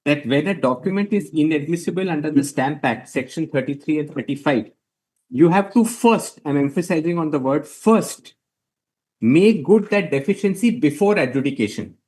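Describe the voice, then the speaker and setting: A man pleads his case in a formal courtroom argument. He is deferential and methodical, addressing the judges as my lord. His voice sits somewhat high. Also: moderate pace, a little mellow. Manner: deferential, addresses the bench as my lord, numbered points. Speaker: advocate arguing before a court.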